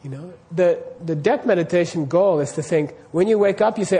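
A man's voice: sits high, normal speed, mellow. A man teaching Buddhist practice to a class, putting questions to the students and often checking that they follow. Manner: quizzes the class, keeps checking "you see what I mean?".

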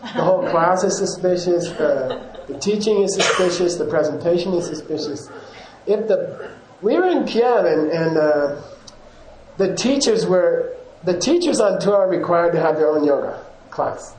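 Yoga teacher guy rambling to his class, kinda high mellow voice, chuckles a lot, echoey room w faint hum. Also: animated, moderate pace. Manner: rambling, chuckles often, self-correcting. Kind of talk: casual teaching talk to a class.

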